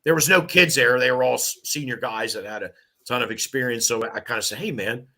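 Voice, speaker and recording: A man in his fifties, a firefighter lieutenant, telling animated, swearing stories on a podcast. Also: mid-range voice, fairly quick. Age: 50s. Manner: animated, laughing, swearing storyteller. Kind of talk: casual storytelling.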